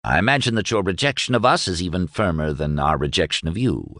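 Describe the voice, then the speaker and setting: A man reading a smooth, condescending wealthy revolutionary, talking down with polished suavity in an animated, lively way. The sound is close and dry. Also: low voice, fast talker, no room sound. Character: suave wealthy male ex-economics teacher and plotter.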